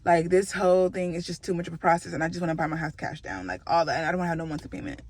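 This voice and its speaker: A woman's voice: on the low side, rapid-fire, darkish tone, close to an everyday voice. A smug, nosy coworker with a taunting edge, sounding much like the teller's own voice, as a woman quotes her in a casual storytime. It stays a light, everyday impression.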